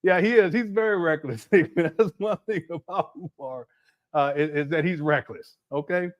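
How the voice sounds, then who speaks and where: A man's voice: on the high side, moderate pace, lo-fi sound. A man hosting a livestream, commenting casually and mockingly while laughing often. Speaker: livestream host.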